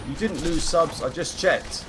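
A man's voice: a little high, a little slow, background noise. A young man streaming a game live, chatting in a rambling, self-mocking way and greeting viewers by name. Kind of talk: casual live-stream gaming chat.

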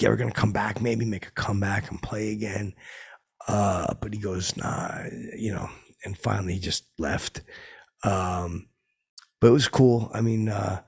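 A man doing a raspy, washed-up pop singer. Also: on the low side, fairly bright tone, full character voice. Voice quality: very raspy, gravelly. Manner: rambling, drifting, mumbled asides. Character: tired rambling washed-up male pop singer, middle-aged. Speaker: comedy character host. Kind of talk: improvised character monologue.

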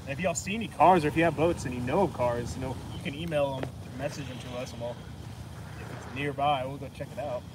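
Man, search and recovery diver, earnest halting explaining, heavy outdoor noise. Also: mid-range voice. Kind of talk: casual explaining. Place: outdoors at a boat ramp.

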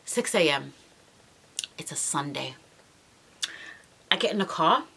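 A young woman telling a storytime to camera in an animated, exasperated way, repeating her phrases and using slang. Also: deep voice, takes it slowly, creaky, a little hiss or hum. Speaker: vlogger. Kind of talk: storytime monologue.

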